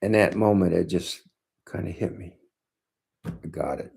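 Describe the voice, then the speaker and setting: A man in his seventies, a martial arts teacher, giving a slow, thoughtful monologue to camera with frequent pauses. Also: deep voice, creaky, darkish tone, breathy edge. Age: 70s. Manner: slow, thoughtful, pausing often.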